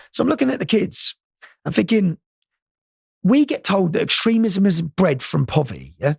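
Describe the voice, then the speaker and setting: A man's voice: high-pitched, sing-song, moderate pace, vocal fry, husky, no room sound, studio quality. A man, an interview guest, telling stories casually with many repeated words and "yeah?" tags.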